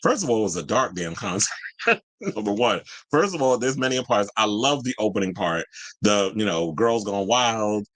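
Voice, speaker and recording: Man, forties, sassy pop-culture host, lively swooping delivery, bright forceful voice, dry close sound. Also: no room sound. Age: 40s. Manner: sassy, animated, quick pitch swings into exclaimed asides. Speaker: podcast host. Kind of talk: casual chat.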